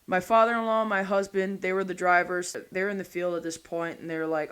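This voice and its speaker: A woman's voice: lowish voice, flat delivery, brisk, fairly bright tone, clear, resonant tone. A woman in her thirties, a podcast guest, telling a story in a blunt, casual way and swearing freely.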